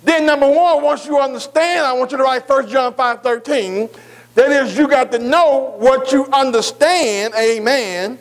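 High-pitched preacher guy, reads scripture slow, keeps asking the church "amen?" and repeating himself. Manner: call-and-response, repeats phrases, asks the congregation questions; slow, drawn-out reading of scripture. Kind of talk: sermon.

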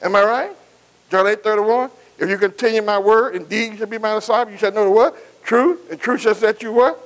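A man's voice: sits high, fairly quick, low-quality recording. A man. He repeats himself for emphasis and keeps asking the congregation to finish his lines and say they're with him. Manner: call-and-response, asking the congregation to answer; repetitive, emphatic preaching. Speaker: preacher. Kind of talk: sermon.

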